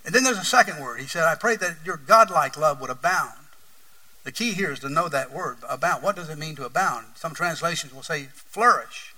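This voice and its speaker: A preacher with an East Tennessee accent delivers an earnest sermon, his volume swelling and falling. His voice is very bright and a touch high. He sounds set back from the microphone in a church room. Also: expressive, a little fast, recorded from a distance, low-quality recording. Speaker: pastor.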